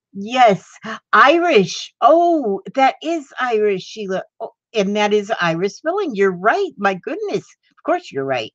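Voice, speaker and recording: A woman's voice: a little high, dry recording. Older woman chatting, dull lo-fi sound. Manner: chatty, easily delighted, exclaims often. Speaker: livestream host. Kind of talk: rambling casual chat.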